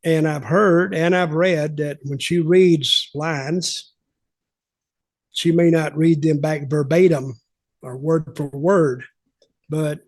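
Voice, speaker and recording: A man's voice: fairly high pitch, a little mellow. Plainspoken older man telling wrestling stories. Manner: drawling, plainspoken, wry asides. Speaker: podcast host, former wrestling insider. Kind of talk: casual storytelling interview.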